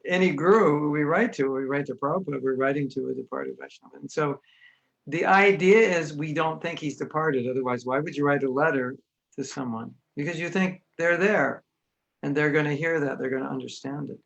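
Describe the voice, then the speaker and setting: A man's voice: fairly high pitch, fairly quick, vocal fry, highs cut off. An American man giving an informal spiritual lecture over a video call, talking in a conversational way and acting out other people's voices. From United States. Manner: conversational, lively, acts out quoted voices. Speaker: spiritual teacher giving an online class.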